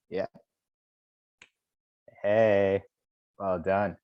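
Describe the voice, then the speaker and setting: A man's voice: lowish voice, takes it slowly, pauses often, a little hiss or hum. A man, a poet, leading a virtual workshop for teachers over a video call, encouraging them and counting beats aloud.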